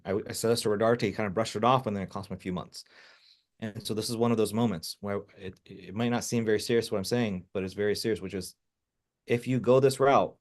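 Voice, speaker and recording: A man with a fairly low voice coaches a client over a video call. He talks directly and emphatically, and he comes back to his key points to make sure they land. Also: a little mellow. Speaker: business coach.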